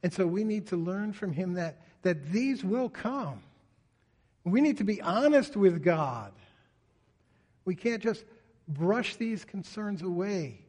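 A man's voice: sits high, animated, slow, darkish tone. A man preaching a sermon in an earnest way, often voicing a psalmist's pleas in prayer. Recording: reverberant hall.

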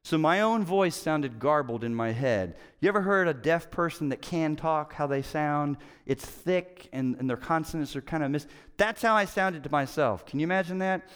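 A middle-aged male pastor delivering a conversational sermon, his voice smooth and resonant and pitched a little high for a man. He tells stories with animated swings, punching some words loudly and dropping others to a hush. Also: moderate pace, hardly any pauses, big-room sound. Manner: conversational storytelling, animated swings from loud to hushed.

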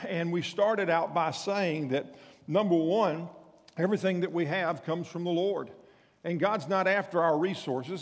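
A man preaching a sermon in a folksy, storytelling way. His voice sits a little high, and he often restarts and repeats words as he goes. The sound carries with a long reverb, as in a large sanctuary. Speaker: pastor.

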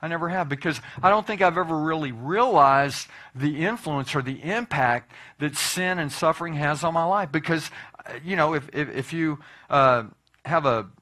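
A male pastor preaching a sermon in a conversational, animated storytelling way, with frequent asides to the congregation. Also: fairly high pitch, normal speed.

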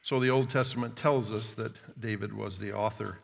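A man preaching a sermon as pastor, reading scripture aloud earnestly and pausing often with fillers. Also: on the low side, steady tone, vocal fry, highs cut off. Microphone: worn microphone. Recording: long hall reverb.

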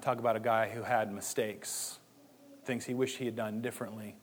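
A pastor with a medium-pitched, fairly bright voice preaches a sermon fairly quickly with fairly even intonation. He keeps it casual and conversational, adding rhetorical asides and acting out his listeners' inner voices. Long hall reverb fills the recording.

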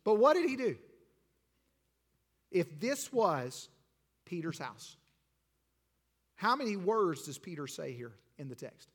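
A man preaching a sermon as pastor, asking the congregation questions and building up to loud, emphatic passages. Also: high voice, sing-song, slow pace, pauses often. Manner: preaching with rising, shouted emphasis and rhetorical questions.

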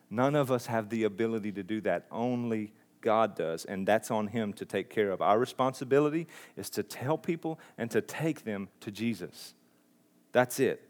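A man preaching a sermon in an earnest, conversational way, often restarting his phrases. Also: lowish voice. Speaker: pastor.

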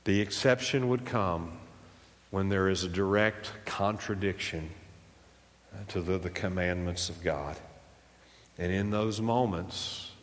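An American man with a slight Southern drawl, a pastor preaching a sermon in a conversational, animated way that swings up and down. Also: deep voice, unhurried. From United States. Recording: long reverb of a church hall.

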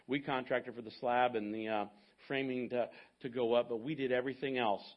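A man in his fifties, a pastor preaching a sermon and telling a personal story with animated asides to the congregation. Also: medium pitch, fairly quick, highs cut off.

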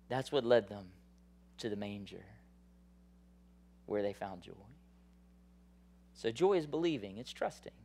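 A man preaching a sermon in a conversational style, swinging from loud, high bursts to soft, low asides. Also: unhurried, pauses often. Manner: animated, rises high and loud then drops soft; conversational, frequent "like" and "right?". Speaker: pastor.

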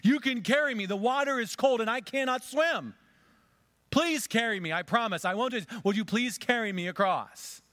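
A man's voice: moderate pace, sharp tone, dry recording. A man playing a wheedling, pleading serpent. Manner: high, pleading, insistent.

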